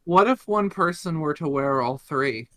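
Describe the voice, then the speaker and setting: Guy firing off questions in a tabletop game, slightly high voice, dry mic. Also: lively intonation, measured pace, bright, forceful tone, no echo. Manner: inquisitive, strings questions together. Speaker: player. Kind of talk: casual tabletop game chat.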